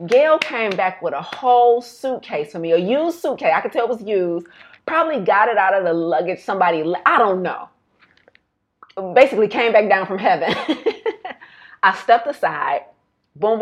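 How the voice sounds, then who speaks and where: Animated woman telling a story. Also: on the low side, muffled recording. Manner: animated storyteller, says y'all, laughs often. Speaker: health educator and vlogger. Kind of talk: casual storytelling to camera.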